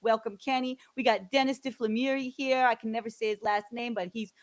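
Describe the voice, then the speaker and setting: A woman's voice: fairly high pitch, fairly even intonation, fairly quick, close to an everyday voice. A woman playing a brash woman army major with a put-on New York accent, rambling and chatty as co-host of a comedy show. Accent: put-on New York (Yonkers). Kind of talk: improvised comedy character.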